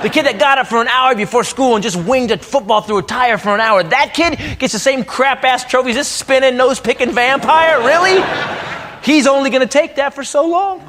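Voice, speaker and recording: A man's voice: very high-pitched, fairly quick, a little hiss or hum. A middle-aged man from the United States doing a stand-up comedy set on a club stage, brash and ranting with crude punchlines. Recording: live club recording with loud crowd laughter.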